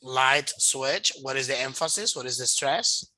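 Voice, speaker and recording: A man teaching an English lesson online, slow and patient, explaining step by step. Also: mid-range voice, expressive, sharp tone, slight background noise, poor audio.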